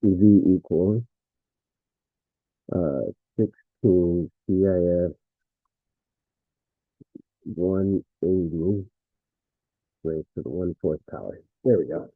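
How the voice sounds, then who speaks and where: A lower-voiced man works through a math lesson, talking his way through each step and catching his own slips. His voice sounds thin and phone-like, with no room echo at all. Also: very slow, pauses often, breathy edge. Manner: thinks aloud, self-correcting, frequent fillers. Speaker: math teacher.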